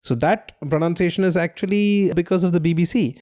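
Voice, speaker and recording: Man, fairly high pitch, mellow tone, quiz podcast co-host, casual trivia explaining. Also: brisk. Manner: explanatory, gives clues and trivia at length.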